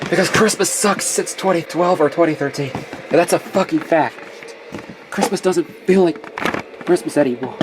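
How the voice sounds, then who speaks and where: A man's voice: on the high side, normal speed. A man in his twenties vlogging at home in a closet, gloomy and nostalgic, often swearing as he complains. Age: 20s. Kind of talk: casual vlog. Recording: noisy home recording.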